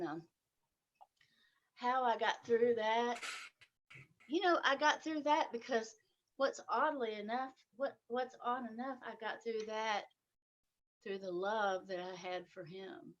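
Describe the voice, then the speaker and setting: A middle-aged woman gives a casual personal testimony in a sharing circle. She speaks earnestly and haltingly, with many restarts and trailing phrases, and her voice rises at intense moments. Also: fairly low pitch, muffled recording.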